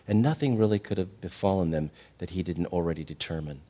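A middle-aged man delivers a sermon in a fairly low voice. He preaches with real animation, climbing to loud, emphatic peaks before dropping back into soft, tender stretches. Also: quick pace. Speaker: pastor.

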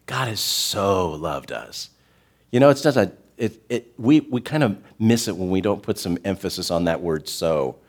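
A man preaching a sermon as a pastor, earnest and direct with the congregation, slowing down to stress key words. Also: fairly low pitch, a little mellow. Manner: talks directly to the congregation with asides.

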